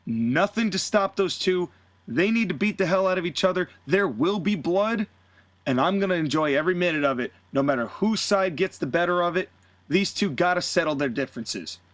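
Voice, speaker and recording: A man's voice: high-pitched, expressive, normal speed, a bit bright. A man voicing a blunt veteran male wrestling manager who announces a violent match with relish.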